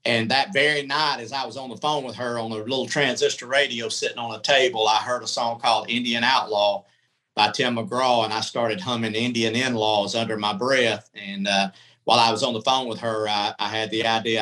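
A man's voice: mid-range voice, steady tone, fairly quick, bright, forceful tone, low-quality recording. A middle-aged man, telling candid, folksy stories as a podcast guest. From United States. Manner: folksy, candid, rambling storyteller. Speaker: podcast guest, country comedy singer. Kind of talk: casual storytelling.

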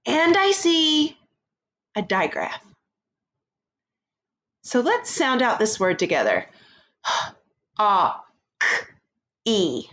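Early-grade teacher, woman, slow and sing-song, stretching out sounds for little learners. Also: high voice, wildly swooping pitch, a bit bright. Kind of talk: phonics lesson for young children.

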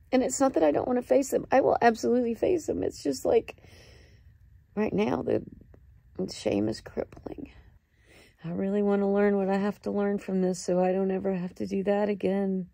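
Gravelly, husky woman, shaken and ashamed. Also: medium pitch, mellow, no room sound. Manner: halting, distressed and ashamed, with swearing. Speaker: vlogger. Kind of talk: raw confessional diary clip.

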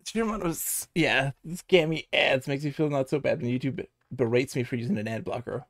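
A man's voice: mid-range voice, moderate pace, gravelly, no echo, studio quality. A man streaming a video game at home, chatting casually in a giggly, rambling way and telling stories with animation. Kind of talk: casual live-stream chat.

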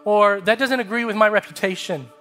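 A male pastor preaching a sermon, telling a lively story and acting out its dialogue before moving into an appeal. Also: sits high, brisk, soft background music. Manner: animated, acts out dialogue in his story. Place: church sanctuary.

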